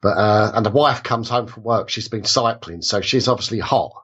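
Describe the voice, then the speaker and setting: A man's voice: fairly low pitch, normal speed, fairly bright tone, breathy edge, lo-fi sound. A man with a British accent and a cold, chatting casually as a podcast guest in an easygoing, chuckling way. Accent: British English. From England. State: has a cold. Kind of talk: casual chat.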